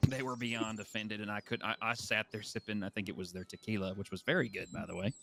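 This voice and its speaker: A man's voice: lowish voice, steady tone, fast talker, creaky, sharp tone, slight background noise. A man in in-character western roleplay chat, folksy and teasing. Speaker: roleplay player.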